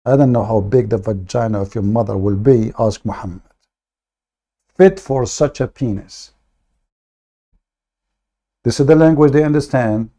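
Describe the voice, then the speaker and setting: A man's voice: mid-range voice, moderate pace, pauses often, dark tone. Combative man ranting on a livestream. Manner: aggressive, mocking, insulting. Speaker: livestream host. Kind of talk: heated livestream rant.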